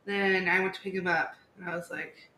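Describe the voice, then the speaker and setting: A woman in her thirties, co-hosting a podcast in casual chat, telling stories in a chatty, animated way with many "like"s. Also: fairly low pitch, brisk. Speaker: podcast co-host. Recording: echoey room with faint background hiss.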